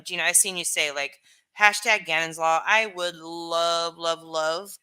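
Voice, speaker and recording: A woman's voice: deep voice, sharp tone, smooth. A young woman hosting a casual livestream, reading chat and rambling frankly with lots of "like" and "you know".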